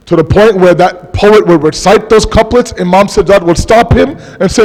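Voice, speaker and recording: A man with a fairly high voice preaches a mourning sermon with passion, drawing out key words to press them home. His voice carries a long reverb from a large mosque hall. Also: a little mellow. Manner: impassioned, slows down for emphasis. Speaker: majlis speaker.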